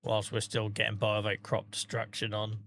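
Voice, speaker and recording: A man's voice: on the low side, monotone, a little fast, vocal fry, fairly bright tone, a little hiss or hum. A tired man chatting casually to viewers on a live stream, rambling, swearing freely and laughing at himself. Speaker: game streamer.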